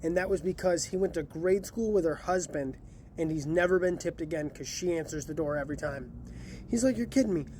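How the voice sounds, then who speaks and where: A man's voice: a little high, a little fast, a little mellow, a little hiss or hum. A man casually telling a story about delivering pizza, acting out the lines of the people in it. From Chicago area. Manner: chatty, acts out quotes.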